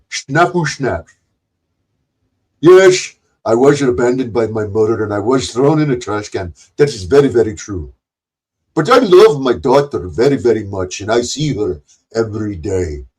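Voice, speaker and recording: A man's voice: medium pitch, darkish tone, slightly rough, full character voice. A man doing a mocking impression of a boastful, self-pitying man, with a put-on Indian accent in a rambling confessional monologue.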